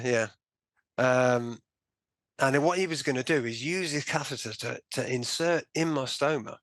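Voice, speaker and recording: Telling a personal story as an interview guest, this man sounds animated, voicing both himself and the doctors and leaning on "you know." The recording is dry, and his voice sits in the mid-range.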